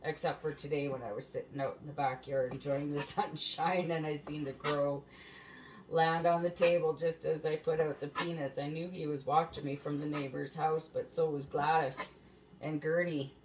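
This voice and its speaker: A woman's voice: sits low, flat delivery, normal speed, a little mellow, a little hiss or hum, rough recording. A woman hosting a home cooking show, chatting casually in her kitchen, swearing freely and laughing at her own stories.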